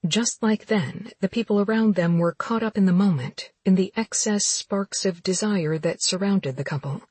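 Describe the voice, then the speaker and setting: A woman narrating a romance audiobook with steady, even storytelling, recorded close. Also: mid-range voice, normal speed, husky, dry recording.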